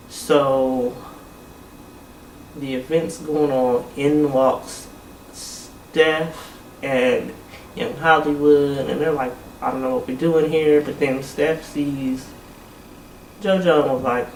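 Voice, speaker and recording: A man's voice: on the high side, roomy sound, far from the mic, slight background noise, poor audio. A man giving a blunt, exasperated recap of a reality TV episode, swearing freely and talking casually.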